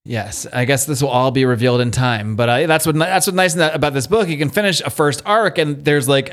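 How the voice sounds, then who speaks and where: Animated man retelling a story. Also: medium pitch. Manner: animated retelling, quoting characters, swears casually. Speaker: podcast host. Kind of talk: casual chat recapping a comic.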